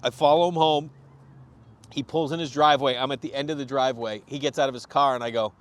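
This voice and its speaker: A man from Boston, a comedian guest on a podcast, telling animated stories and acting out what people said. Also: mid-range voice, quick pace. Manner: animated storyteller, acts out quotes. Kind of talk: casual podcast chat.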